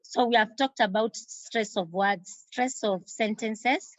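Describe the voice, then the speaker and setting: A woman teacher with a Kenyan accent giving an exam revision lesson, repeating key terms slowly for emphasis. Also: a little high, no room sound. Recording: dull lo-fi recording.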